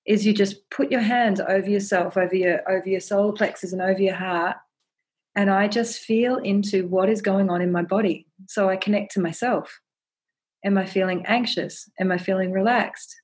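A woman speaking as a podcast guest, sharing her practice in a gentle, earnest, reflective way and often repeating words as she thinks. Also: medium pitch, steady tone, normal speed, breathy edge. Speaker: podcast guest, ceremony holder.

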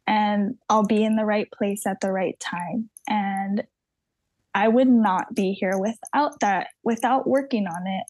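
A woman in her twenties from Southern California, speaking as a podcast guest. She is chatty and candid, with her voice a touch high. The sound is dry and close. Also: warm tone, no room sound. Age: 20s. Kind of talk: casual conversation.

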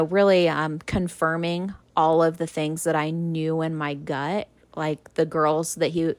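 A young woman tells her own story on a podcast, candid and emotional, sometimes acting out what others said. Her voice sits low with a gravelly fry. The sound is dry and close, with no room around it. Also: no echo. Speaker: podcast host. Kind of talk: personal storytelling.

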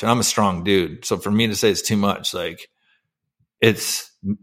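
A man's voice: on the low side, fairly even intonation, normal speed, fairly bright tone. A middle-aged man, a former pro athlete and podcast guest, telling his personal story candidly and emotionally, with many fillers and restarts.

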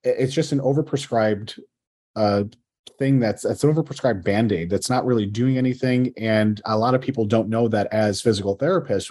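A low-voiced male physical therapist. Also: darkish tone. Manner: earnest explainer, many fillers. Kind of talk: casual interview chat.

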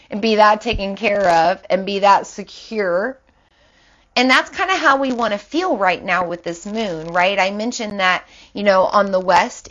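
A woman in her thirties with a mid-range, slightly bright voice hosts an astrology livestream, talking about spiritual topics in a casual, loose way. She's chatty, uses "like" often and tags "right?" onto many sentences. The audio comes from a phone or laptop mic and sounds slightly dull.

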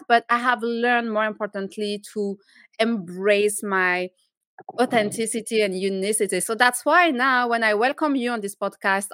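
A woman with a French accent, whose first language is French, hosting a podcast in an earnest, slightly halting way. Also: fairly high pitch, pushed and bright, dry recording. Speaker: podcast host. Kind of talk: podcast interview.

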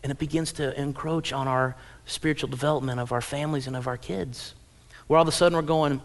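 A middle-aged male pastor preaching in a church, casual and conversational, telling stories with lively acted-out quotes. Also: medium pitch, fast. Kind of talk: sermon. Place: church auditorium.

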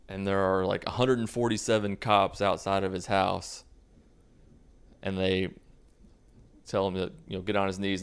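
A man casually recapping a movie in a sarcastic, deadpan way, swearing freely. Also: deep voice, gravelly, clear, resonant tone. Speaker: video host recapping a movie.

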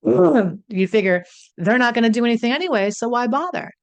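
A woman addiction consultant talking conversationally to her audience, often clearing her throat, her voice a little croaky. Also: on the high side, lively intonation, fairly quick. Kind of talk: solo talk to camera.

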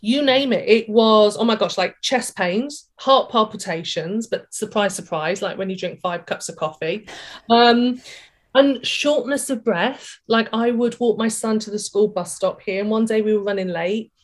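A woman in her forties, telling her own story as a guest in an interview, chatty and animated, acting out her own thoughts and laughing often. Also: mid-range voice, normal speed. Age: 40s. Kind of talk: candid personal story in a podcast interview.

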